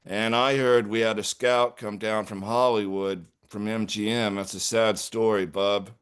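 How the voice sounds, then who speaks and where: A drowsy, sly ghost in a bear suit speaks low and unhurried, voiced by a man reading his story. The delivery is offhand and casual, with a deep tone and a slow drawl. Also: level tone, clear, resonant tone, lightly acted.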